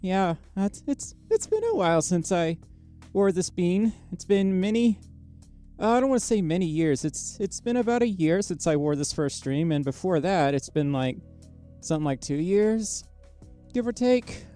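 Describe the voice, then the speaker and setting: A tired livestreamer chatting casually with viewers, speaking quietly and haltingly, with lots of fillers and a microphone right up against the mouth inside a costume head. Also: sing-song, faint music behind. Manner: quiet, low-energy, halting with many fillers. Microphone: microphone very close to the mouth inside a costume head.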